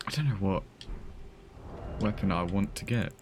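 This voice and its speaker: A man's voice: low-pitched, lively intonation, moderate pace, a little hiss or hum. A man streaming a game, talking in a dry, teasing, sweary way. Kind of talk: casual gaming stream chat.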